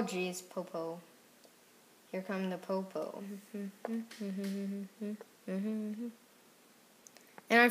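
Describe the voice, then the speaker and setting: A woman giving casual gameplay commentary as a YouTuber, mostly murmuring softly, then blurting out excited reactions. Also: medium pitch. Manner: soft mumbling with sudden excited outbursts. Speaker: gaming YouTuber.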